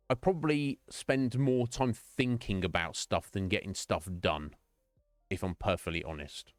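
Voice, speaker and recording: A man's voice: low-pitched, no room sound, clean studio sound. A man streaming and chatting casually with his viewers, musing aloud as he answers their questions. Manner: reflective, rambling, answers chat questions.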